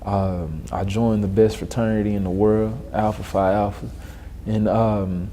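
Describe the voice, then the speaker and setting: A young man from Dallas, a guest telling animated stories in a casual interview and acting out the voices he quotes. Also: on the low side, measured pace, a little hiss or hum. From Dallas, Texas.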